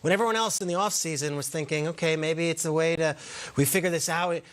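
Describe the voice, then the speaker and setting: A man's voice: a little high, fairly even intonation, fast. A man on a morning football show panel, speaking earnestly and with emphasis. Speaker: co-host, football insider. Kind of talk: studio panel talk.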